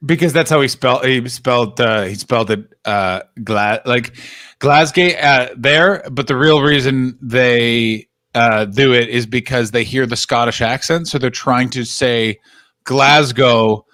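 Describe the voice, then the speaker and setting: A man co-hosting a live stream in casual chat, animated and profane, laughing often. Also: mid-range voice, measured pace. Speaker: stream co-host.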